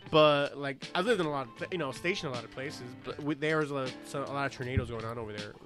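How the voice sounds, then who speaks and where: A man's voice: medium pitch, fast talker, over music. A man from Southern California telling rambling, profane stories with a lot of laughing in a casual chat.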